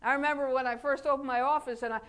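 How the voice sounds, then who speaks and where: High-voiced folksy woman speaker. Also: very fast. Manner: folksy, animated, laughs often, acts out quotes. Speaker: chiropractor giving a talk. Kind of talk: motivational speech to an audience.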